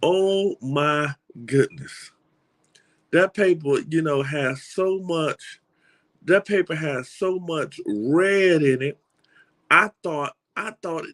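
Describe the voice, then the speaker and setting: Animated middle-aged Southern man telling stories. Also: on the high side, takes it slowly, pauses often. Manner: animated, folksy, many restarts and repeated words. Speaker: motivational speaker. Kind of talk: motivational storytelling talk.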